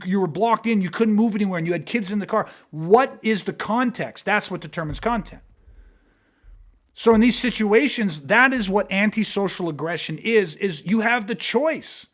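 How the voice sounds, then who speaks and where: Blunt profane man, high voice. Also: a little fast, fairly bright tone. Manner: blunt, profane, emphatic, uses hypothetical street scenarios. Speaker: martial arts instructor. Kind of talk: podcast conversation.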